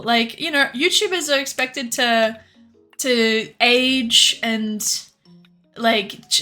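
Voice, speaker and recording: Young woman streamer, candid and rambling, bright tone with faint music behind. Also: fairly high pitch. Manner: candid, rambling, frequent swearing and laughs. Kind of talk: casual chat while cooking and gaming.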